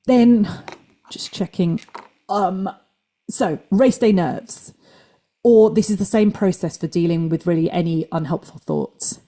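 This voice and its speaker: Mellow-voiced woman coaching online. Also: lowish voice, measured pace. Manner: chatty, animated quoting of inner thoughts. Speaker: fitness coach. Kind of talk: live online coaching talk.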